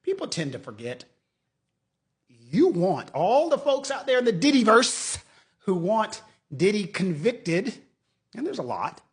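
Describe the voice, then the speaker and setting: An animated middle-aged man talking through legal news in a casual, mocking way. He acts out quotes and pokes fun. His voice sits a little high for a man. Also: measured pace, long pauses. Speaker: lawyer commentator.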